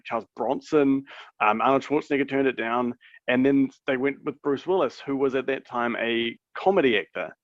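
A man's voice: medium pitch, no echo, muffled recording. A British man co-hosting a podcast, telling stories in a rambling way full of "like" and "um". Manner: rambling, lots of "like" and "um". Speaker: podcast co-host. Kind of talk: casual podcast chat.

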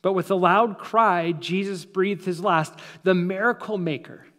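A man, a pastor, preaching a sermon with dramatic pauses, slowing down and dropping soft for emphasis, in a church sanctuary. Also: sits high, long reverb tail. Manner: dramatic preaching, slows and drops to near-silence for emphasis.

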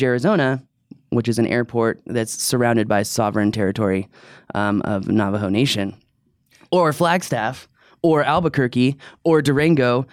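A man's voice: medium pitch, clean tone, no echo, clean studio sound. A man hosting a drone talk show in casual chat, opinionated and joking. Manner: chatty, opinionated, joking asides. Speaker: podcast host.

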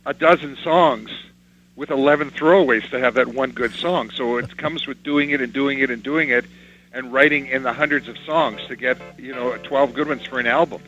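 With faint music behind him, an older Canadian musician speaks at normal speed in a mid-range, fairly bright voice. He's an interview guest telling anecdotes from his life and acting out quoted voices. The recording sounds slightly dull and has a faint hum.

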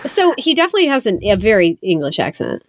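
A woman's voice: medium pitch, very animated, fast talker, no room sound, clean studio sound. A woman co-hosting a podcast in casual chat, chatty and gushing as she gives her opinions. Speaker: podcast co-host.

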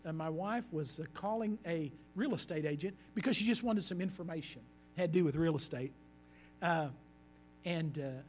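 High-voiced man preaching a sermon. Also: darkish tone. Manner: earnest storytelling, slowing for emphasis. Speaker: pastor.

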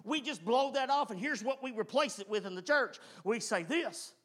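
A man preaching a fervent, emphatic sermon, swinging from loud whoops to hushed tones. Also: very high voice, expressive, normal speed, husky. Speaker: pastor.

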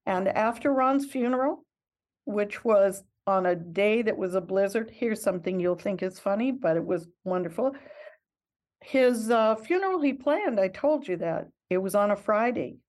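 A woman's voice: mid-range voice, animated, a little slow, darkish tone. An older woman, a missionary guest in an interview, telling her story in an earnest, reflective and heartfelt way.

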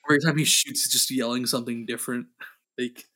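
A young man co-hosting a casual movie review chat, hesitant and quick to laugh. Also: mid-range voice, steady tone, pushed and bright. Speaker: movie review podcast co-host.

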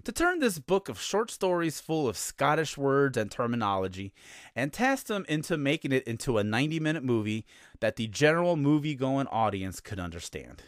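A man's voice: medium pitch, sing-song, moderate pace, no echo, studio quality. An American man hosting a podcast, telling the story in a casual monologue full of sarcastic asides. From United States. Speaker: podcast host.

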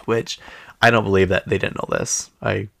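A young man hosts a gossipy podcast recapping reality TV, chatting loosely and using many fillers. His voice is lowish, a bit bright and creaky, with huge pitch swings and a slightly fast pace. The recording has no room sound.

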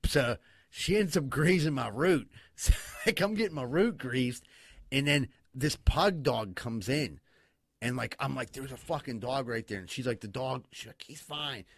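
A man telling a wild story in casual podcast chat, cursing often, laughing and talking excitedly. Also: mid-range voice, unhurried, breathy edge, no room sound. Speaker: podcast co-host.

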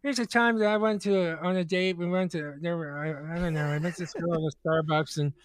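Male podcast co-host, high voice, dry close sound; rambling storyteller who restarts often and plays both sides of the dialogue. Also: steady tone, brisk, no echo. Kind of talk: casual comedic storytelling.

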